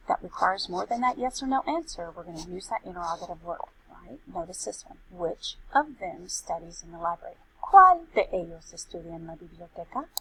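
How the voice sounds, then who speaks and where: A woman's voice: medium pitch, fairly bright tone, slight background noise, poor audio. A woman, a teacher patiently explaining grammar and reading example sentences aloud. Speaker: Spanish teacher. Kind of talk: recorded grammar lesson.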